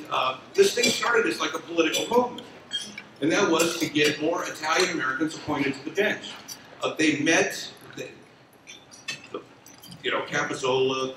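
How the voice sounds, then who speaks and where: A man in his sixties, a lawyer, tells a story at an association event, his medium-pitched voice rambling and conversational, full of fillers and restarts. The recording is echoey and distant, picked up from far off amid dinner noise and the clinking of cutlery and dishes.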